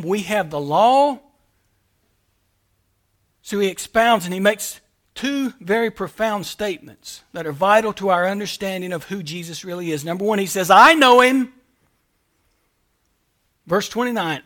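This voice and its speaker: A male pastor preaching a sermon, emphatic and repetitive, swinging between loud declarations and quiet asides. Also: sits high.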